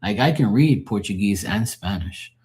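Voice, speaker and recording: Guy with a really low voice just hanging out on his stream, chatty, kinda loose, swears a bit. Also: animated, normal speed, darkish tone. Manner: loose, chatty, explaining language differences to chat; swears casually, laughs easily. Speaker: live stream host. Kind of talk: casual live-stream chat with viewers.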